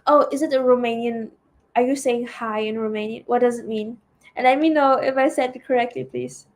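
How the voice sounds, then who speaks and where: A woman's voice: fairly high pitch, fairly even intonation, a little fast, darkish tone. A woman hosting a live trading stream in a casual, chatty way, reading viewer comments aloud and answering them. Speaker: trading livestream host. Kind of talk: casual livestream chat.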